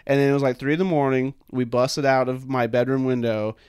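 A young man co-hosting a podcast, spinning loose, profane anecdotes packed with "dude" and "man". His voice is smooth and clear, at a middling pitch. The sound is dry and close, with no room echo. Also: fairly even intonation, fairly quick, a little mellow. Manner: rambling, swears a lot, heavy fillers like "dude" and "man". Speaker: podcast co-host. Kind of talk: casual chat, storytelling.

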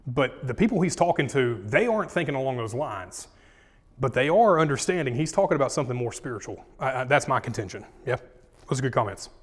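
A man's voice: mid-range voice, very animated, fast talker, slightly rough, big-room sound. A man leading a casual Bible study, retelling scripture in slangy, folksy speech.

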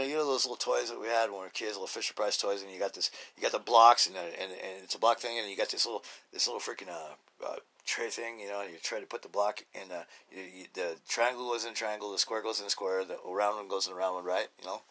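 A man's voice: lowish voice, fairly even intonation, fast talker, hardly any pauses, a bit bright. A middle-aged man hosting a podcast, talking in a blunt, rambling casual monologue full of fillers and restarts. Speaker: podcast host.

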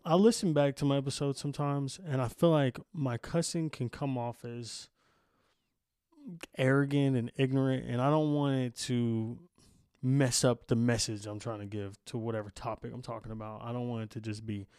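A man's voice: medium pitch, darkish tone, no room sound, clean studio sound. A young man hosting his own podcast in casual, rambling chat, slangy and candid. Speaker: podcast host. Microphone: camera setup with a close mic.

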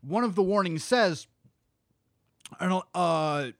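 A man's voice: sits high, slow pace, creaky, dry recording, studio quality. A man in a casual podcast chat, bluntly nitpicking movie details and swearing often. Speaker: podcast co-host.

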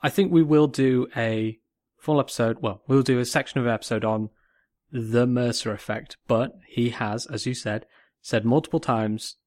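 A man from North West England, co-hosting a casual podcast in a jokey, animated way and repeating phrases for emphasis. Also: medium pitch, moderate pace, dry recording, clean studio sound. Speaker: podcast co-host.

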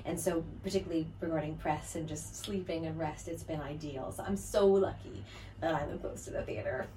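A woman's voice: deep voice, fairly even intonation, brisk, warm tone, a little hiss or hum. Chatty American woman, slightly distant. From United States. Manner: chatty, self-deprecating, laughs often. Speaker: musical theatre actress, interview guest. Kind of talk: casual interview.

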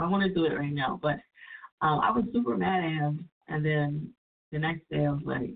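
A woman hosting a call-in radio show while sick, talking in a loose, chatty, profane way and jumping into high-pitched voices when she quotes people. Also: animated, fairly quick, slightly rough. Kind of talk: casual call-in radio talk. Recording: distant, phone-like radio audio.

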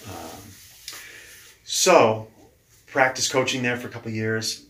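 A man, a leadership coach, telling his story casually in an interview. He talks lively, acts out quoted dialogue and swears casually. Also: medium pitch, measured pace, a little hiss or hum. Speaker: leadership coach, podcast guest. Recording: echoey room.

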